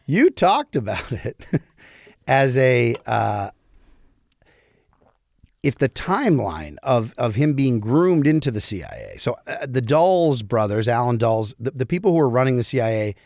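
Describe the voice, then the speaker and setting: A man co-hosting a comedy podcast with a gravelly, fry-tinged voice that swings widely in pitch. He rambles through casual banter and often restarts or trails off mid-thought. The recording is close and dry. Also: sing-song, a little slow, a little mellow, dry recording. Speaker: podcast co-host.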